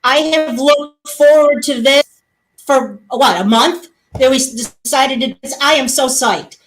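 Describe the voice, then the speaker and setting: A woman guest on a live fan show, the chapter president of a fan club, excited and gushing. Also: sits high, measured pace, low-quality recording. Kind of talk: casual chat.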